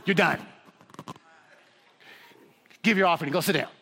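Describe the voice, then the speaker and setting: A man's voice: fairly high pitch, unhurried, vocal fry, pushed and bright, slight background noise, pitched below the performer's own voice, exaggerated voice. A man voicing a harsh, unforgiving male church member who scolds and dismisses someone. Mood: scolding.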